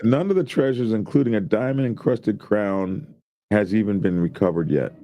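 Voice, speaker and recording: A man's voice: fairly low pitch, normal speed, dull audio. A man casually reading news stories aloud and joking about them with his co-hosts. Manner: reads headlines aloud then riffs jokingly. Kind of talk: casual news commentary chat.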